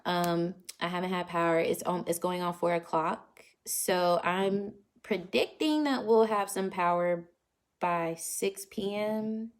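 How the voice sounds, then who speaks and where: A woman's voice: fairly low pitch, fairly even intonation, slow pace. A young woman from North Carolina, chatting casually on a phone livestream at home and laughing often. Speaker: vlogger answering live comments. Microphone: phone front camera.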